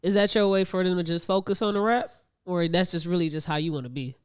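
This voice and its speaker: A woman from Northwest Indiana hosting a podcast, asking interview questions in a steady, measured way. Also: fairly low pitch, clean tone. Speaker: podcast host.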